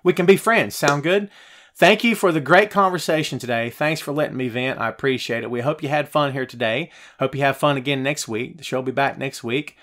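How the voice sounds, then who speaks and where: Speaking fairly quickly in a mid-range voice, this male wrestling talk show host reads his viewers' comments aloud and rants at them. He's a little breathless, with an animated, rhetorical podcast-host delivery.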